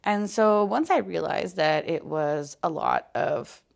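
A young woman with a deep, expressive, gravelly voice speaks slowly while hosting a solo podcast just after waking, yawning as she goes. Her casual monologue rambles and is self-deprecating, packed with fillers and sudden drops to a whisper.

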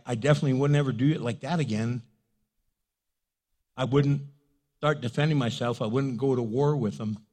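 A man's voice: medium pitch, dark tone. A middle-aged man preaching a sermon as pastor, earnest and conversational, often acting out quotes.

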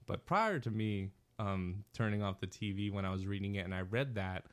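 A man co-hosting a podcast, telling stories in a casual, animated way and laughing often. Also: on the low side, moderate pace. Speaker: podcast co-host. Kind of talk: casual chat.

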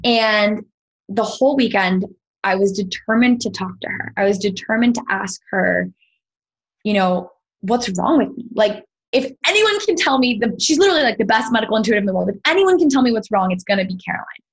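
Breathy woman, podcast guest, earnest storyteller, animated. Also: mid-range voice, a little fast, rough recording. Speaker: podcast guest, sound healer. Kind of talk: personal storytelling in an interview.

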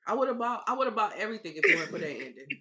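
A woman co-hosting a movie review podcast, retelling the plot in casual chat and sounding animated and exasperated, swearing freely. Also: fairly high pitch, racing, dull audio.

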